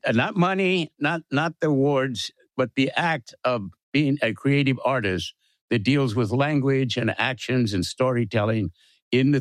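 An older man, a playwright and interview guest, talking in a measured, reflective way with pauses and restarts. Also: mid-range voice, dry recording.

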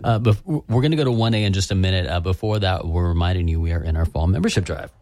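A man's voice: low voice, fast talker, warm tone. A man hosting public radio from a studio microphone, talking in loose, self-deprecating on-air banter.

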